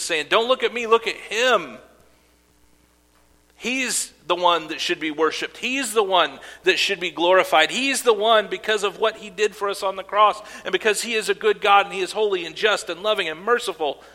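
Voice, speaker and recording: Bright-voiced preacher in a reverberant hall. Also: male voice, high voice. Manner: earnest preaching with casual asides and fillers. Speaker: pastor. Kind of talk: sermon.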